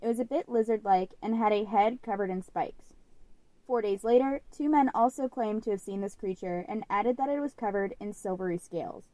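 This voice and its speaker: A woman's voice: medium pitch, brisk, dark tone, dry recording. A young woman co-hosting a podcast, telling a story in a chatty, casual way full of "like" fillers. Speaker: podcast co-host.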